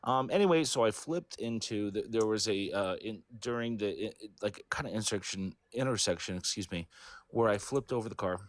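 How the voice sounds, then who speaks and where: A man with a fairly low voice recounts a personal story in a casual interview. He rambles and halts, stacking fillers and correcting himself as he goes, and the recording is close and dry. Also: no echo. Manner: rambling, halting, full of fillers and self-corrections.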